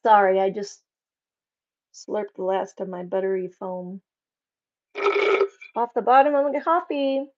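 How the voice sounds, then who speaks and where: A playful woman livestreaming, slow and chatty. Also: mid-range voice. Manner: playful, joking, quick to laugh. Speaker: livestream host. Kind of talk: casual live chat reading viewer comments. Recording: slightly dull lo-fi stream audio.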